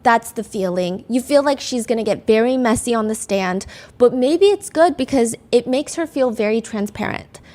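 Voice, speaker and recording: Chatty woman podcast host, slightly high voice. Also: normal speed. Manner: chatty, conversational, reads out quotes in an animated way. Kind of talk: casual true-crime storytelling.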